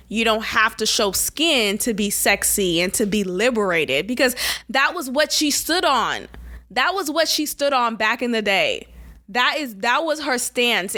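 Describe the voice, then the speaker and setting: Woman podcast host, opinionated, sassy and blunt; bright, forceful delivery, pitched a touch high. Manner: mocking quoted voices. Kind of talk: opinionated commentary.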